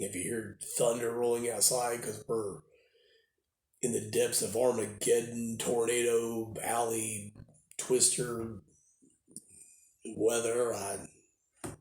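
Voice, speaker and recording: A man's voice: on the low side, darkish tone. A man with a cold and a stuffed-up voice, rambling casually into his phone camera at home, repeating himself and trailing off. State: congested with a cold. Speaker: toy collecting vlogger. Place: at home indoors. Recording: echoey room with faint noise.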